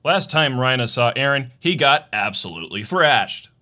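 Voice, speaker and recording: A man narrating a comedic recap in a sarcastic, crude way, dropping deadpan asides. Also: medium pitch, normal speed, very noisy. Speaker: video narrator.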